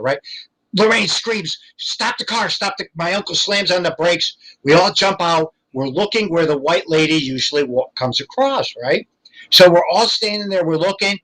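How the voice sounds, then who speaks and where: An older man with a bright, forceful voice pitched somewhat high, telling rambling stories in a relaxed interview. He drifts from point to point with plenty of fillers, unhurried and anecdotal. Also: poor audio. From Connecticut, USA. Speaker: guest paranormal investigator. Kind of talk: casual interview storytelling.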